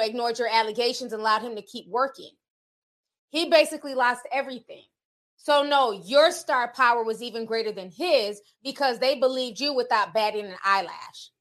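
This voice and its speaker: Blunt, slangy woman with a high voice. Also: fairly bright tone. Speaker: commentary channel host. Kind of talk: opinionated video commentary.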